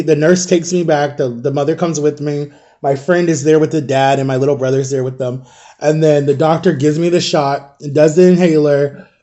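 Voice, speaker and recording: A man in his thirties telling a personal story in a casual vlog, animated and acting out the people in it. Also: fairly high pitch, highs cut off. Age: 30s. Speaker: storytime vlogger.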